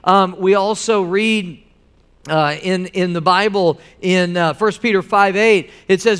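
Male pastor, sermon, high voice, smooth and resonant, earnest, talks straight to the church. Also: a little slow, fairly bright tone. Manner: earnest, calls out to the congregation; repeats and restarts phrases.

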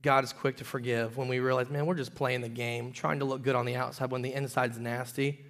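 A man in his thirties preaching a sermon as pastor, telling a personal story and moving between loud emphatic peaks and quiet, hushed confession. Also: medium pitch, flat delivery, a little fast.

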